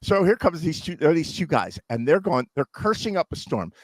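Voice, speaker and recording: A man's voice: on the high side, brisk, no room sound. A middle-aged man telling a long story in casual chat, acting out the voices of people in it. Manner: animated storyteller, acts out others' voices.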